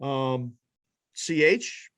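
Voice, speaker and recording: A man hosting a casual sports podcast, leading the banter in an animated, profane way. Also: mid-range voice, extremely slow, dry recording, clean studio sound. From lives in Las Vegas. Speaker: podcast host.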